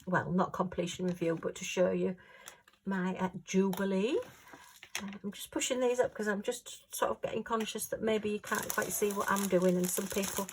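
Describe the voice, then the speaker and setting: A woman's voice: mid-range voice, fairly even intonation, moderate pace, slight background noise, low-quality recording. A woman with a Yorkshire accent chatting casually to camera as she sorts craft supplies at home, giggling and talking to herself. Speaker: crafting vlogger. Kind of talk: casual chat while working.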